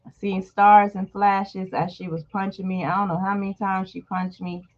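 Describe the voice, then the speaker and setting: A woman's voice: mid-range voice, level tone, moderate pace, a little mellow. A woman host casually telling a personal story to her viewers, candid and blunt, swearing freely. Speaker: channel host. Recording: dull lo-fi recording.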